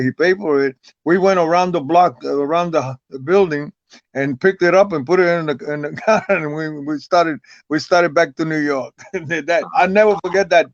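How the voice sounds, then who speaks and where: Older guy rambling thru a story, stutters and repeats stuff, kinda high voice, dull dry audio. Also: normal speed, no room sound. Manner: rambling, stumbles and repeats words. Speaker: guest, retired wrestler. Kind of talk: casual storytelling interview.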